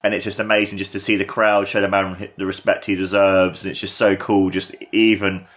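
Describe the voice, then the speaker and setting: A young man hosting a casual watchalong, talking excitedly and rambling as he gushes over what he sees. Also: deep voice, brisk. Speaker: podcast host.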